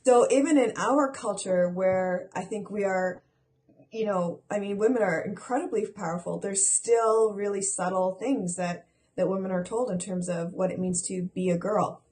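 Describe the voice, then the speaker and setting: A woman's voice: medium pitch, moderate pace, darkish tone. A woman from South America, raised in Canada, speaking as an author in a casual interview, cheerful and wry. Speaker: author, guest.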